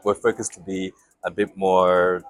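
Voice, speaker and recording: Low-voiced man, thoughtful chat. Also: level tone, soft background music. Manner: thoughtful, reflective, with pauses and restarts. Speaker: company CEO, interview guest. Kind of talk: casual interview chat.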